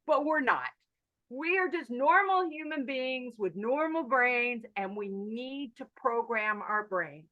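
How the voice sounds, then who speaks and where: Bright, emphatic woman leading a workshop. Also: high-pitched, a little slow, rough recording. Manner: animated, emphatic, repeats key phrases. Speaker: workshop instructor. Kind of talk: online mindfulness workshop talk. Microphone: video call.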